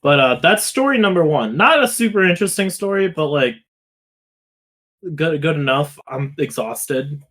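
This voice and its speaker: A man's voice: on the high side, sing-song, moderate pace, fairly bright tone. A young man co-hosting a podcast, telling rambling, profane stories that drift into rants. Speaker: podcast co-host. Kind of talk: casual chat.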